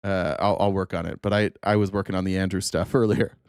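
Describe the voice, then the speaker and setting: A man hosting a casual political commentary show, sarcastic and profane with quick asides. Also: low voice, little pitch movement, clean tone, dry recording, studio quality. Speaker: host.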